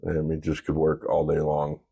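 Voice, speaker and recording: A man with a very low voice chats casually on a podcast. He rambles through stories, laughs easily and slips into playful voices. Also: monotone, moderate pace, creaky, dark tone, slightly rough. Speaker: podcast host. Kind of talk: casual chat.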